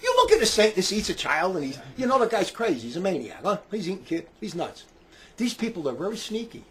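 A man in his sixties preaching with passion, dropping to low quiet remarks and rising to shouts. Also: huge pitch swings, fast talker. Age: 60s. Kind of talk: fiery preaching talk.

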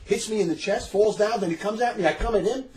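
A middle-aged man telling a story in casual chat, animated and laughing often as he acts out the people in it. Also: high-pitched, fast talker, low-quality recording. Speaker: storyteller in a religious talk recording.

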